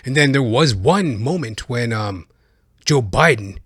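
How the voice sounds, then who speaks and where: A man's voice: mid-range voice, animated, a little slow, a bit bright, slightly rough, no echo, studio quality. A man hosting a podcast, giving comedic political commentary in a rambling way full of fillers. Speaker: podcast host.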